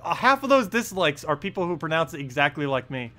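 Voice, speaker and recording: Man, casual live-stream host, playful and laughing, very lively intonation, soft music bed. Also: fairly high pitch, quick pace. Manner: playful, laughs often, keeps repeating a word to test his pronunciation. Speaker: game streamer.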